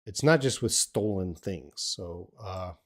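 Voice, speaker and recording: Middle-aged guy doing a live english lesson, lowish voice, thinks out loud, encouraging. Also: lively intonation, takes it slowly. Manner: thinking aloud, hesitant restarts. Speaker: English teacher. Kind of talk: live-stream English lesson answering chat questions.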